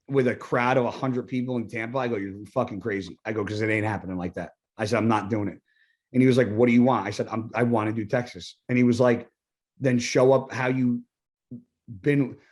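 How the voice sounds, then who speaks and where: A middle-aged man, a retired bodybuilder, talking as a podcast guest. He tells his story bluntly, swearing often and acting out quoted conversations. His voice sits at an everyday middle pitch. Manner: blunt, profane, acts out his own quoted lines. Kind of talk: casual storytelling interview.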